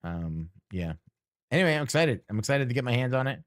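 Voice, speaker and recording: A man's voice: medium pitch, sing-song, a little fast, no echo, studio quality. A man streamer chatting casually and teasingly with his chat while playing a game, rambling and joking.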